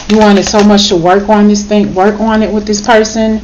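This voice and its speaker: Woman tarot reader, mid-pitched, blunt and emotional, swears freely; noisy take with clicking. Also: highs cut off. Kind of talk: casual spoken tarot reading.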